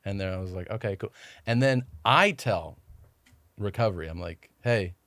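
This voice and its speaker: A man's voice: lowish voice, animated, normal speed, a bit bright, no echo. A man guesting on a podcast, telling rambling stories in casual chat and acting out what others said to him.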